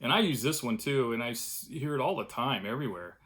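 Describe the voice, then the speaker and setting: A man's voice: medium pitch, lively intonation, a little fast, a bit bright. A middle-aged man talking casually and at length in a home vlog, chatty and self-deprecating. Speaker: vlogger, cartoonist. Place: home studio room.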